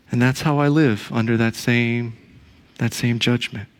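A middle-aged pastor preaching a sermon, telling a personal story in a conversational way with frequent asides and tag questions. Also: male voice, medium pitch, fairly even intonation, slow pace, pauses often.

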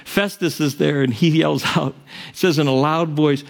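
A man's voice: on the high side, steady tone, moderate pace, gravelly. A male pastor preaching a sermon, retelling a story in a casual, conversational way with frequent asides.

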